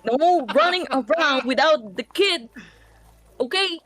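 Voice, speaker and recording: A woman voicing a gentle male warrior character in a tabletop game. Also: sits high, expressive, slow pace, pitched above the performer's own voice, full character voice. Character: gruff kindly male knight character.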